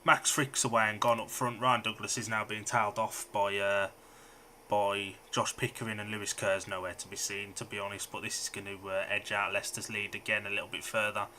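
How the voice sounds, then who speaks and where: Male host, bright and forceful, rattling off speedway commentary with lots of uh's; low register. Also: flat delivery, a little hiss or hum. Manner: rapid, chatty play-by-play with frequent fillers. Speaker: speedway watch-along host. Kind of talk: live race commentary.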